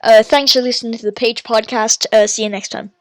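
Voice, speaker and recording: A woman's voice: fairly high pitch, fairly even intonation, a little fast, no room sound. Chatty woman podcaster. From Ireland. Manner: chatty, many fillers, corrects her own slips. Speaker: podcast host. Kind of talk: casual book review with reading aloud.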